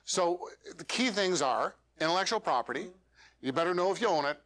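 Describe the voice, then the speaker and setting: A man's voice: high-pitched, expressive, brisk, a bit bright. A man giving a live workshop talk to a meetup audience, coaching directly and ending his points with questions. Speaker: featured speaker.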